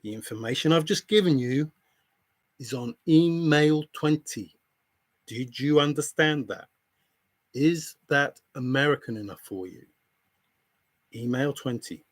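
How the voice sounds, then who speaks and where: A man's voice: medium pitch, unhurried, long pauses. A man on a live stream, talking to viewers in an exasperated, repetitive, lecturing way. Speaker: treasure hunt commentator. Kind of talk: heated live stream rant.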